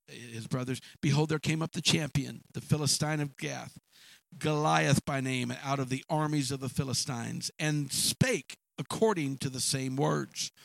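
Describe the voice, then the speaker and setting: A man's voice: mid-range voice, creaky, bright, forceful tone, no room sound, rough recording. A man preaching a sermon, retelling a scripture story with dramatic acted asides and stammering restarts.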